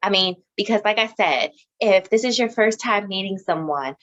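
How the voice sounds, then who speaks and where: A woman co-host speaking at an everyday middle pitch in a measured, reasoning way, often raising questions. Her voice comes through slightly dull and muffled, as if on a lower-quality mic. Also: expressive, fairly bright tone. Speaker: podcast co-host. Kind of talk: casual chat.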